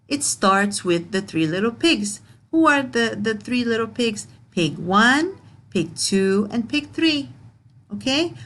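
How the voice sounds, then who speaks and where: A woman teacher reading a picture book aloud to young learners, explaining words slowly and asking questions. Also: a little high, a bit bright. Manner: slow, repeats and explains words, asks questions.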